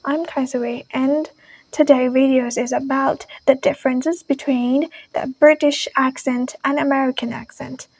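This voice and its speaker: A woman teaching an English pronunciation lesson, explaining each point in a measured way and repeating every example word twice. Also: high voice, steady tone, a little mellow, slightly rough, rough recording.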